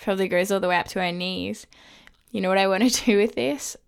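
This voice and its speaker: A woman playing a teasing lover with a gravelly voice. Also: medium pitch, fast, natural voice.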